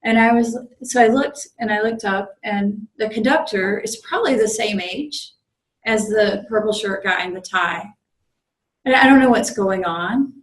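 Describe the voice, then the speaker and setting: A Zen priest from the United States, visiting a meditation group, shares a story in a conversational dharma talk peppered with fillers and false starts. She speaks at a measured pace in a mid-range voice, and the space adds a noticeable echo.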